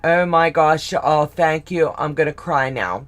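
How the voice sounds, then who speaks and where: Low, slow-talking woman hosting a live stream. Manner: effusive and gushing, readily emotional. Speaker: host of a live sewing stream. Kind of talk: casual livestream chat, reading out viewer comments.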